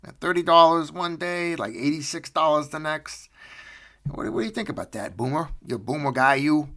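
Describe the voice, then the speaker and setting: A man's voice: fairly high pitch, normal speed, sharp tone, pitched above the performer's own voice. A man playing a pushy interrogator who coaxes and badgers with repeated questions. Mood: badgering. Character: pushy male interrogator with truth serum.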